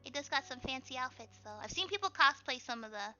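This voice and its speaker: A young woman with a squeaky, high and very bright voice chats away while she draws on a livestream, bubbly and quick to laugh. Her audio sounds dull and lo-fi, with faint music playing underneath. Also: lively intonation. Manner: bubbly, chatty, laughs often. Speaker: streamer. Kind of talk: casual chat while drawing on stream.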